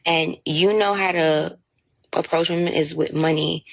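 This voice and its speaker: A woman's voice: low voice, fairly even intonation, a little slow, creaky, no echo, muffled recording. A young woman ranting in an indignant, exasperated storytime, quoting what others said, in a played-back clip with faint noise. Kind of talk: casual storytime rant to camera.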